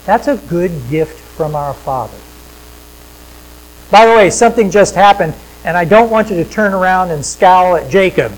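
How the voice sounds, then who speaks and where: A male pastor preaching a sermon in a church, conversational, repeating phrases for emphasis and swinging between loud points and quiet asides. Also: sits high, low-quality recording. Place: church sanctuary with projection screens.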